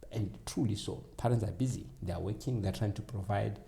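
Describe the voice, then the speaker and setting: This educator and tutoring business owner, appearing as an interview guest, talks earnestly and plays out dialogue with his students. His voice sits on the low side with vocal fry and a warm tone, delivered fairly quickly in a roomy-sounding space.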